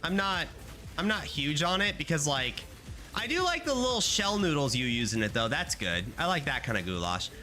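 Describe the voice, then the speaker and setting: A man's voice: a little high, very animated, normal speed, pushed and bright, faint music behind. A young man streaming a video game, chatting casually to his audience in playful, rambling rants with lots of swearing. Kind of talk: casual gaming livestream chat.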